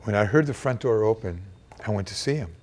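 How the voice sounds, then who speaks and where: An older man telling a personal memory in a reflective, emotional way, dropping to a hush at times. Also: fairly low pitch, expressive, fairly quick. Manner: reflective and emotional, with quiet hushed passages. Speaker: storyteller recounting a personal memory. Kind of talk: personal storytelling to camera.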